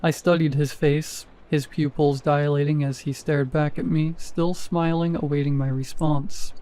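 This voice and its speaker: Mellow man narrating a horror story. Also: fairly high pitch, little pitch movement, unhurried, hardly any pauses, clear, resonant tone, rough recording. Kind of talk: scripted narration.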